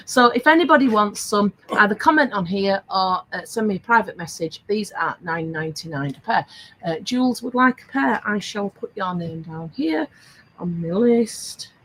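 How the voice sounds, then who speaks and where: A woman's voice: mid-range voice, animated, normal speed, slight background noise, low-quality recording. An older woman hosting a casual live stream, chatty and laughing often as she reads out viewer comments. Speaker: live stream host selling craft supplies.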